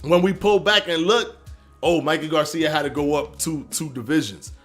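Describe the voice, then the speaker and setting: A man hosting a live stream, arguing his points and answering chat comments in a casual, animated way. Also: on the high side, normal speed, faint music behind. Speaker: livestream host reading chat.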